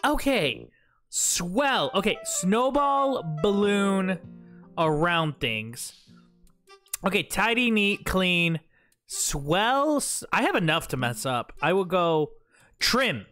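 A man's voice: sits high, sing-song, slow, bright, forceful tone, soft background music. A man chatting playfully with his livestream chat, joking at his own expense while he plays. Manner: playful, self-mocking, talks to chat. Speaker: streamer.

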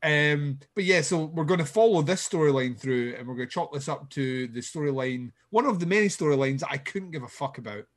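Sardonic, slightly high-voiced male podcaster. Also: expressive, a little fast, few pauses. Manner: sardonic, swears freely, laughs often. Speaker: podcast co-host. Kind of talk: casual comedic recap chat.

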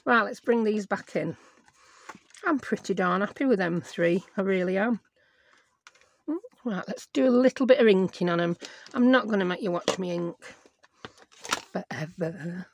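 A woman's voice: mid-range voice, moderate pace, gravelly, pauses often, slight background noise. A middle-aged woman, hosting a chatty crafting tutorial and rambling to herself as she works. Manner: rambling, self-mocking, talks to herself while working. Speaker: craft channel host.

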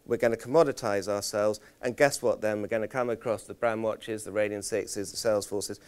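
A man leading a conference workshop, talking in a halting way with repeated words and self-deprecating stories. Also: lowish voice, fairly even intonation, darkish tone, clean tone. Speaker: workshop presenter. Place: conference room.

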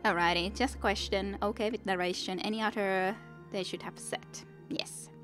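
A woman's voice: mid-range voice, fairly even intonation, moderate pace, a bit bright, faint music behind. A young woman streamer reading a fantasy novel aloud, with chatty asides to her viewers.

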